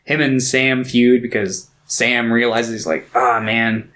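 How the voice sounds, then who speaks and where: A fairly bright, mid-range male voice with fairly even intonation speaks unhurriedly. He's a co-host on a movie podcast, running through scenes in casual, profane conversation and occasionally doing quick character impressions.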